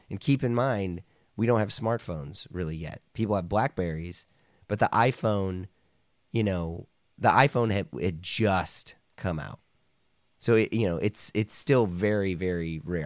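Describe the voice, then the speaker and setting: Recorded dry in studio quality, a deep-voiced podcast guest tells a casual story at a moderate pace. It rambles loosely with plenty of "like" and "you know," and he occasionally voices other people's lines, with the odd cough.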